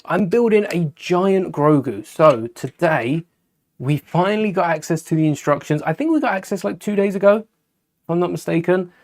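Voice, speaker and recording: A man's voice: high-pitched, expressive, moderate pace, darkish tone. A British man hosting a live Lego building stream, chatting casually, thinking aloud as he builds and answering viewers' questions. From United Kingdom.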